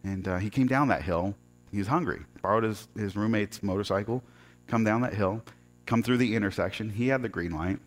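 A middle-aged man telling a personal story as a sermon, earnest and halting, often restarting his words. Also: fairly low pitch, faint music behind.

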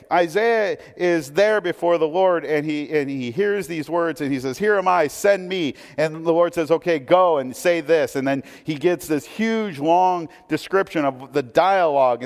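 Guy preaching, reads the bible out then chats about it, slightly high voice, big hall echo. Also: normal speed, hardly any pauses, darkish tone. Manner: reads scripture aloud and comments conversationally. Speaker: pastor. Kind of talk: sermon.

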